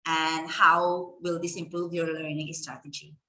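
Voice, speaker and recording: A Filipino-accented woman leads a training session for teachers, her voice bright and forceful. She talks at an unhurried pace and keeps asking the room questions, punctuating them with "okay". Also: low voice, flat delivery, low-quality recording. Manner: rhetorical questions, frequent "okay". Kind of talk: conference lecture.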